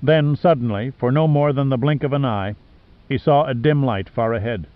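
A man reading an audiobook in steady scripted narration. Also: mid-range voice, normal speed, phone-quality sound.

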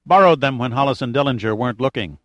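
A man's voice: mid-range voice, expressive, fast talker, no room sound, lo-fi sound, close to an everyday voice. A man voicing a blunt, wisecracking male sidekick in an audiobook, offhand in tone.

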